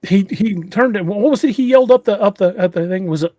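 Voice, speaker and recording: A man's voice: high voice, fast talker, darkish tone, no room sound, studio quality. A man hosting a podcast, retelling an eerie encounter story in a casual way, often restarting phrases. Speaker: podcast host.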